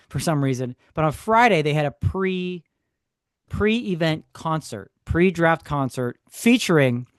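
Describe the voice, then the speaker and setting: A man, co-hosting a podcast, telling a story in a casual, animated way with sarcastic asides. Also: on the high side, no echo, clean studio sound. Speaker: podcast co-host. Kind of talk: casual chat.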